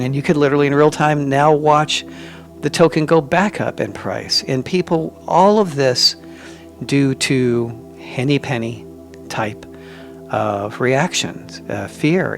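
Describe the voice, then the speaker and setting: A man hosting a radio talk show, telling stories in an animated, chatty way. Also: mid-range voice, gravelly.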